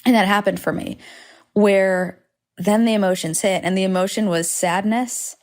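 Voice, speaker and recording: A woman's voice: mid-range voice, fairly even intonation, moderate pace, a little mellow. A woman hosting a solo podcast from home, talking candidly and rambling with frequent swearing and self-deprecating asides. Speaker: podcast host. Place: home, indoors.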